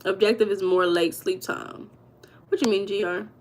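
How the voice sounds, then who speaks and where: A woman's voice: medium pitch, steady tone, moderate pace, slight background noise. A woman hosting a casual livestream, chatting and gossiping with her viewers and reading their comments aloud. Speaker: livestream host.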